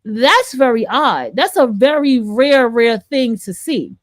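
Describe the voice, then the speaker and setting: A woman podcast host from the northern US talks through her commentary in a loose, conversational way. Her voice is slightly high and recorded close and dry, with no room sound. She restarts sentences as she works out her point. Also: big pitch swings, slow, no echo. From northern United States. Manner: conversational, explaining with many restarts. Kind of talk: livestream commentary.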